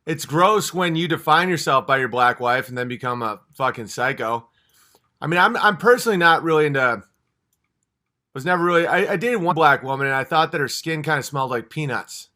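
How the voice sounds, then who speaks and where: A man's voice: fairly high pitch, a little fast, sharp tone. A man from upstate New York hosting a livestream, ranting in a fired-up, profane and blunt way. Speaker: livestream host. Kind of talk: casual livestream rant.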